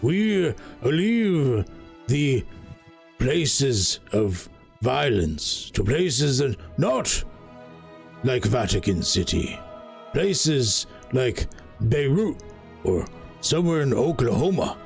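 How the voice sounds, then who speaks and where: A man voicing a grandiose male cat lord who rules a city, speaking slowly and theatrically. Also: medium pitch, very animated, vocal fry, soft background music, heavily acted. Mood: lordly. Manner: slow, lordly, theatrical.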